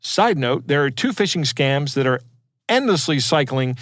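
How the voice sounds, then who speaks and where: A man's voice: mid-range voice, expressive, normal speed, fairly bright tone, dry recording, clean studio sound. A man co-hosting a podcast in casual chat, digressing and restarting his sentences, with a chuckle between points. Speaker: podcast co-host.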